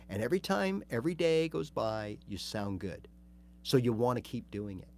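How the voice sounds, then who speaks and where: A man hosting a casual livestream guitar lesson, chatty and animated, acting out little scenes as he talks. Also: medium pitch, moderate pace. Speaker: guitar teacher.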